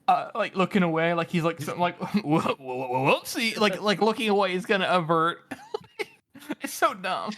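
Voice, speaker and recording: A man co-hosting a podcast, talking about a book in excited, rambling casual chat full of "like"s. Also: on the high side. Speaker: podcast co-host.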